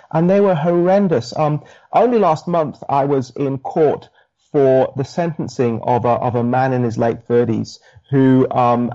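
A middle-aged man speaks with a British accent worn soft by long years in Australia. He is a minister answering questions in an interview, halting and thoughtful, full of ums and restarts. His voice sits at a middle pitch, and the audio is dull and lo-fi. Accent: British, softened by years in Australia. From United Kingdom. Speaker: Anglican minister, guest.

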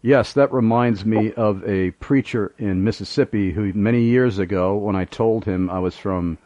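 A man's voice: lowish voice, moderate pace, warm tone, no room sound, dull audio. A man from New York hosting a radio call-in show, reading listener questions aloud and stumbling over repeated words.

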